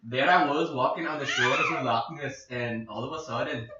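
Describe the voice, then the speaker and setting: Man doing a hammy fake-Scottish yarn-spinner, even pitch, distant echoey laptop mic, hissy. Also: moderate pace, muffled recording, natural voice. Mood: playful. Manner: exaggerated put-on Scottish brogue. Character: jokey mock-Scottish man, playful storyteller.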